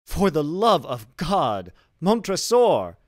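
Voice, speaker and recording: A trapped nobleman, voiced by a male reader, in a high, shrill, loud voice, cackling with forced merriment that cracks into panic. It sounds close and dry, as in a small treated room, with the words of a spoken classic story. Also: very animated, a little slow, clear, resonant tone, dry recording. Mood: desperate plea. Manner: frantic forced cheer breaking into desperation. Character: walled-in nobleman, laughing wildly then pleading. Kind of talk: dramatic reading of a classic story.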